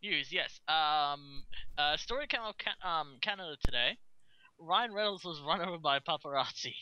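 A man's voice: on the high side, expressive, pushed and bright, highs cut off. A man co-hosting a casual podcast, reading out the news with many ums and frequent laughs. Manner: halting, full of ums and uhs, laughs often.

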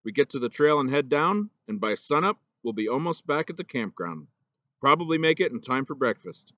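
A man voicing a gruff, remorseful older male teacher in a storybook reading, talking plainly and low. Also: sing-song, brisk, fairly bright tone, no room sound, lo-fi sound.

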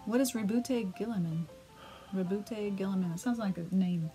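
A woman's voice: medium pitch, normal speed, warm tone, soft background music. A woman co-hosting a casual card-opening video, giggling and reading card names aloud. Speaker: co-host opening card packs. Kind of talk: casual chat.

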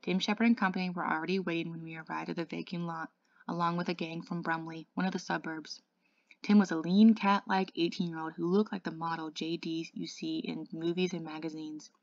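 A woman reads a novel aloud at a steady pace in a fairly low voice, with small slips and restarts. The recording is dry and slightly dull, like a modest home setup. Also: a little fast, no room sound. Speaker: English tutor.

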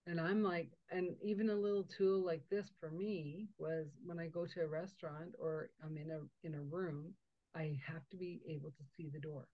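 A woman hosting a conversational interview, telling stories with lively acted-out dialogue. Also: low-pitched, moderate pace. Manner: animated storyteller, acts out quoted dialogue. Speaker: podcast host. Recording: dull lo-fi audio.

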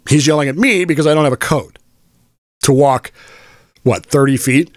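This older Washington State podcast host has a slightly high voice at normal speed as he spins a long, meandering story on his own show, amused and often laughing. The sound is clean studio audio with no echo.

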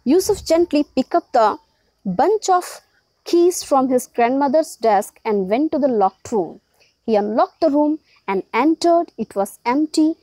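A woman's voice: high voice, animated, a little slow, dark tone, no echo, low-quality recording. A woman teacher reading a story to a class and explaining it with questions.

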